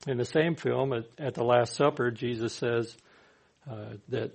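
A man's voice: medium pitch, fairly even intonation, unhurried, creaky. A man preaching a sermon in a conversational way, sometimes acting out the people he quotes. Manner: conversational, acts out quoted speakers.

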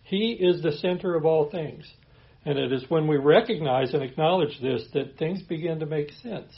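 A man preaching a sermon, reading scripture aloud and explaining it in an earnest, steady manner. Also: fairly high pitch, moderate pace, vocal fry, highs cut off. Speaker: pastor.

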